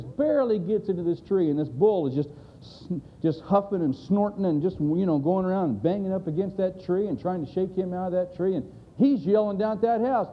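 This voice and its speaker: A man's voice: high-pitched, mellow, slight background noise, low-quality recording. A man preaching a sermon, telling a folksy joke and acting out the voices. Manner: folksy storyteller, drawling, acts out voices.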